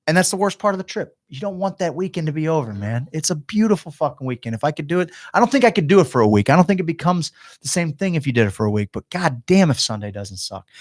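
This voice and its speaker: A man on a podcast telling a long, emotional story, swearing heavily and acting out his own past thoughts. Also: mid-range voice. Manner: heavy swearing, emotional and rambling. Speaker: podcast guest.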